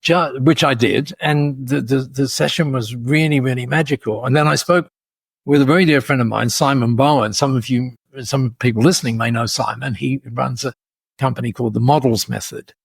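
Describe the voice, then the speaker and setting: A man in his later years, a podcast guest, telling stories in a lively way, laughing often and restarting his sentences. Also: mid-range voice, normal speed, gravelly, slightly rough, no echo. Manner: animated, laughing storyteller with many restarts. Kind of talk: storytelling in conversation.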